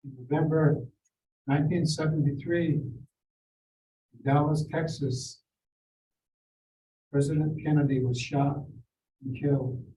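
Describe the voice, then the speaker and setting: An older Seneca man telling personal stories at a community forum in a measured, reflective way. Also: a little high, warm tone, slight background noise. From Seneca Nation. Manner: measured, reflective, quotes people in acted voices. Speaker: forum speaker. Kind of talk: personal storytelling. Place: school district forum room. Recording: roomy, distant mic with faint ambience.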